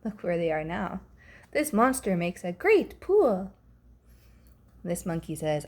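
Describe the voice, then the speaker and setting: Female picture-book reader, unhurried and animated, playful with whispered asides. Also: lowish voice. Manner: expressive, playful, gasps and hushes for effect. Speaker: storybook reader. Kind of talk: reading a picture book aloud.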